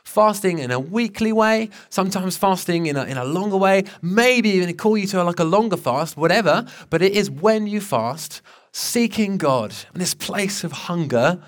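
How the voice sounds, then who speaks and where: A man in his thirties preaching a sermon, telling a personal story in an earnest, conversational way with frequent restarts. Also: high voice. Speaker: pastor.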